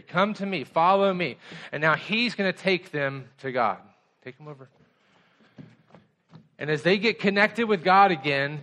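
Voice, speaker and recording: A man's voice: fairly high pitch, fairly bright tone. A middle-aged pastor giving a conversational sermon to children and adults, asking the kids simple questions as he goes.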